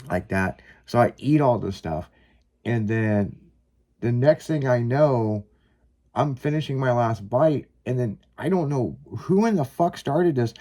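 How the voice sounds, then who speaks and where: A man's voice: mid-range voice, expressive, measured pace, warm tone. A man casually telling a long personal story, rambling with lots of fillers and some swearing. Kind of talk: casual chat, personal anecdote.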